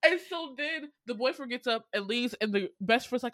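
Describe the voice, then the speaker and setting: A young woman co-hosting a casual chat, telling stories in an animated way, acting out quotes and swearing freely. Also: fairly high pitch, brisk, no room sound, studio quality. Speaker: podcast co-host.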